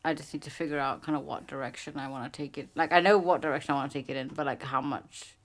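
A woman's voice: sits low, fairly even intonation, fast. A woman in casual chat, rambling with many restarts and fillers.

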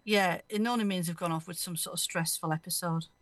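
A woman's voice: on the low side, steady tone, brisk, dry recording. Rambling, anecdotal woman host. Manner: rambling, anecdotal, laughs through her stories. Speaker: radio show host. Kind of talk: casual chat.

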